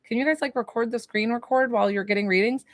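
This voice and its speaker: A woman's voice: fairly high pitch, quick pace, no echo, studio quality. A woman from New York giving a spiritual reading on a phone livestream, gushing, laughing often and chatting with viewers. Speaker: psychic medium.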